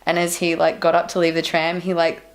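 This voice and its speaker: Gravelly lowish woman rambling, lots of like. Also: completely flat delivery, a little fast. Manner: rambling, filler-heavy. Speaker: interviewee. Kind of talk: personal testimony.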